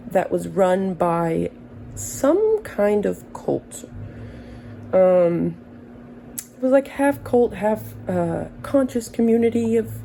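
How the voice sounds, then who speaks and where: A woman in her early thirties speaks in a relaxed, warm tone with plenty of vocal fry. She drifts through a casual monologue, wandering off on tangents with dry, self-mocking humor and the odd curse. A faint hum sits behind her. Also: medium pitch, poor audio. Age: early 30s. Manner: rambling, tangent-prone, wry and profane. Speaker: vlogger.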